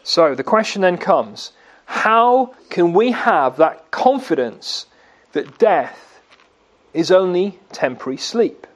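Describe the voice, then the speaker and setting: A man preaching a sermon, asking his listeners questions and answering them himself, and slowing down to stress key words. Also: high voice, big pitch swings. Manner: slow, emphatic delivery on key words.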